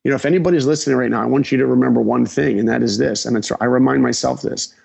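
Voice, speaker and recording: Gravelly-voiced man telling his story. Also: mid-range voice, racing, darkish tone. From New York. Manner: acts out dialogue, emphatic. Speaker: podcast guest. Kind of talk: animated storytelling.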